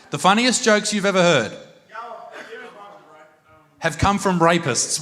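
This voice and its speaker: A man with an Australian accent doing live stand-up comedy, brash and crude, talking loudly into a handheld stage mic. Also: high voice, lively intonation, takes it slowly, long pauses. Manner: brash, crude and loud, bursting into shouts. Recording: long reverb of a live venue.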